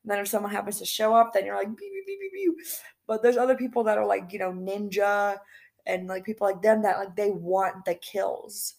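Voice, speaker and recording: A woman's voice: medium pitch, little pitch movement, brisk, gravelly, darkish tone. A young woman co-hosting a casual podcast at home, rambling and giggly with lots of fillers and restarts. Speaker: podcast co-host. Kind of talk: casual chat.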